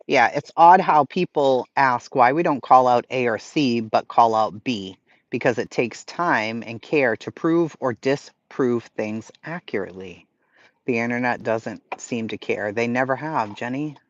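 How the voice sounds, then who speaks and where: A man's voice: mid-range voice, a little slow, no room sound. Blunt, profane Boston man ranting. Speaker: livestream host reading chat. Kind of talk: casual chat. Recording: slightly lo-fi stream audio.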